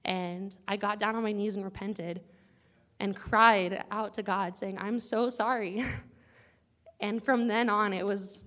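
A woman's voice: mid-range voice, steady tone, unhurried, a bit bright. A young woman casually sharing a personal testimony with a campus group, earnest and chatty and at times close to tears. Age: young adult. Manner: earnest, casual, chatty with many likes and guys.

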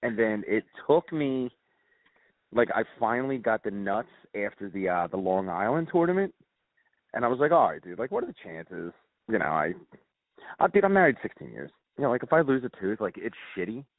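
A man's voice: fairly low pitch, big pitch swings, moderate pace, no room sound. A man in his forties chatting casually, teasing and swearing in a laid-back way. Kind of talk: casual chat. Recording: dry, phone-like narrow sound.

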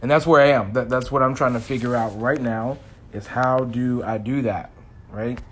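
A man's voice: medium pitch, steady tone, normal speed, a bit bright, slight background noise. Candid, rambling man reflecting aloud. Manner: rambling, searching, frequent restarts; candid, self-examining. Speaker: vlogger in sales. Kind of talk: reflective personal vlog.

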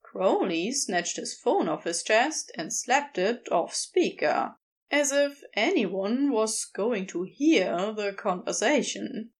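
Lively, unhurried woman narrator. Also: mid-range voice. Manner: expressive storytelling. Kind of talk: scripted narration of fan fiction.

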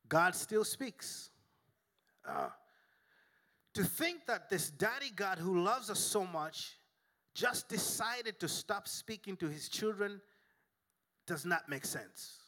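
A male pastor delivers a sermon with a bright, forceful edge to his voice. He preaches emphatically, mixing in jokes and calls for the congregation to answer back. His voice sits a touch higher than most men's. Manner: emphatic, humorous preaching with call and response. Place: church.

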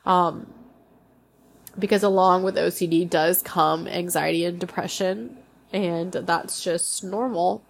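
A young woman hosting a personal podcast, talking candidly and emotionally, often pausing and restarting her sentences. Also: on the low side, steady tone, gravelly, slight background noise. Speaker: podcast host.

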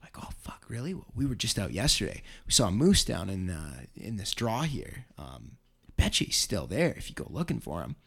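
Lower-voiced man, casual storyteller, swears often and acts out quotes. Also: huge pitch swings, normal speed, gravelly, fairly bright tone, husky. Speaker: guest telling a hunting story. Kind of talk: casual podcast chat.

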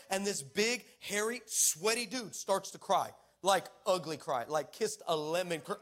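Pastor, male, high bright voice, animated storyteller who breaks into shouts. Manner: animated, laughs through stories, rises to shouting exhortation. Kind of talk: sermon with storytelling. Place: church service.

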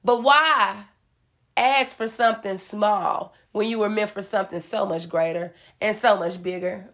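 Woman vlogger, slightly high pitch, sassy preachy pep talk with dramatic pauses. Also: vocal fry, a bit bright. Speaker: motivational vlogger. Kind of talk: casual motivational talk to viewers.

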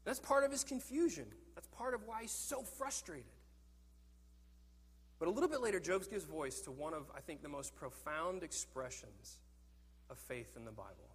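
A man preaching a sermon in an earnest, animated way, often repeating words as he thinks. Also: fairly high pitch, normal speed, slightly rough, big-room sound.

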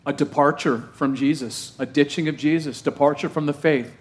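A man preaching a sermon as pastor, full of rhetorical questions and emphatic repetition, slowing down to stress key phrases, with playful asides. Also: a little high, fairly even intonation. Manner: playful asides and self-deprecating humor.

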